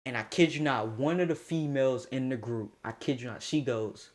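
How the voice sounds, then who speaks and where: A young man spins a wild storytime on a casual livestream, chatting straight to his viewers. He is animated and laughs a lot, and his pitch shoots up in sudden outbursts. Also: normal speed. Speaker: streamer.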